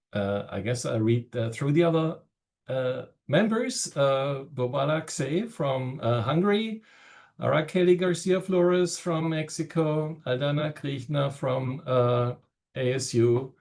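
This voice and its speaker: A man with a German accent giving seminar opening remarks as a research network director over a video call, halting with many fillers and pauses. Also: medium pitch, vocal fry, a little mellow.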